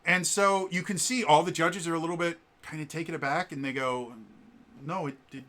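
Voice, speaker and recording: A vlog host tells a long, rambling story in a casual way, full of fillers and restarts, acting out what other people said. His voice is a little high and pushed, bright, with fairly even intonation, and he talks a little fast.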